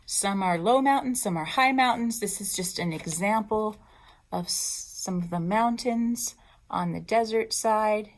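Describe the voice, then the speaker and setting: Slow, expressive storytime woman. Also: medium pitch. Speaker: children's librarian. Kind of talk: storytime for young children.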